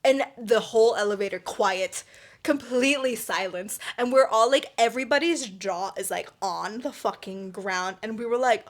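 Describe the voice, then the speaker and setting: A woman's voice: a little high, moderate pace. A woman co-hosting a podcast, telling stories in casual chat with frequent giggles and casual swearing. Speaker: podcast co-host.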